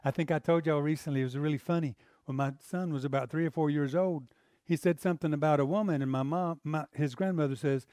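Emphatic pastor preaching. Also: male voice, high-pitched, darkish tone, no echo, studio quality. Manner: conversational preaching, rising to emphatic outbursts. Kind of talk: sermon.

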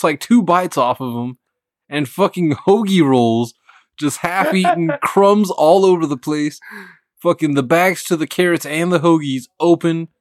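A man's voice: a little high, no echo, studio quality. A young man chatting casually and telling a story, swearing a lot and laughing often. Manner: profane, laughing, animated storyteller. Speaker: podcast co-host.

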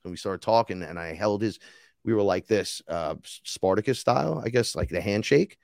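A man with a low-pitched voice tells a sprawling personal story on an interview podcast, heard close and dry. He talks casually and swears freely, acting out each line of quoted dialogue. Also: lively intonation, normal speed, gravelly, darkish tone, dry recording. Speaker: podcast guest, rapper and shaman.

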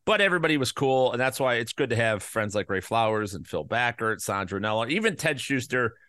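A male podcast host with a bright, forceful voice, recorded close and dry with no room sound. He rambles loosely and throws in crude jokes, and his voice sounds slightly worn from an illness he is getting over. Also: mid-range voice, lively intonation, brisk, clean tone, no room sound. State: recovering from covid, voice slightly worn. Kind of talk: casual podcast chat.

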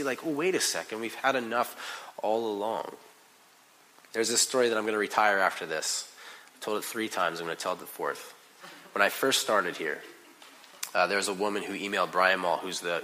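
Animated, conversational male preacher. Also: lowish voice, poor audio. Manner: animated, conversational preaching with big swings in loudness; casual fillers like "like" and "you know". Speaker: pastor. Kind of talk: sermon.

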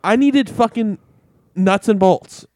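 A man's voice: sits high, takes it slowly, a little mellow, dry recording. Young man, casual chat, profane, exasperated rants, dry mic. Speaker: podcast co-host.

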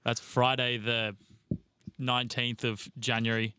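A man's voice: medium pitch, little pitch movement, a little slow, pushed and bright, smooth, no echo. Dry, teasing Australian man. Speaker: podcast co-host. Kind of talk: casual chat.

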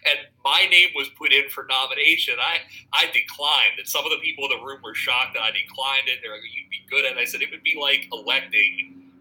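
A man's voice: mid-range voice, fairly even intonation, brisk, pushed and bright, low-quality recording. A man in his thirties, a college faculty member and podcast guest, chatting casually with restarts and frequent laughter. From Pennsylvania. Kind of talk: casual conversation.

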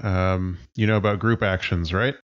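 A man narrating a tabletop game as game master in a relaxed, descriptive way with frequent fillers. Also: low-pitched, normal speed, no echo, dull audio.

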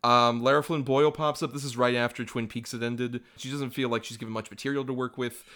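A man's voice: medium pitch, fairly even intonation, fairly quick, bright, forceful tone. A man co-hosting a podcast, reviewing a film in loose, rambling casual chat with a lot of laughter. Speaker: podcast co-host.

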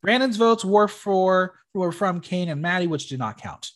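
A man hosting a casual podcast, recapping a reality show in an opinionated, expressive way and swearing freely. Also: high voice, normal speed.

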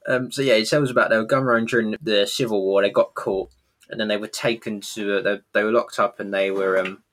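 A man's voice: lowish voice, fairly even intonation, brisk, fairly bright tone. Guy recapping a sitcom on a podcast, chatty, keeps laughing. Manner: laughs often, acts out lines from the show. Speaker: podcast co-host. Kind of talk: casual chat recapping a sitcom.

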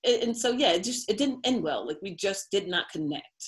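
A woman's voice: medium pitch, expressive, fairly quick. Chatty woman telling a life story. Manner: chatty, laughs often, says "like" a lot. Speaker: interview guest. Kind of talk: candid personal storytelling.

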